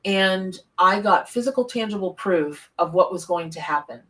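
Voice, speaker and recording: A woman's voice: medium pitch, animated, normal speed, a bit bright, distant mic. A woman, live-streaming a tarot reading from her home office, chatty and effusive as she greets viewers. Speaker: tarot reader on a livestream.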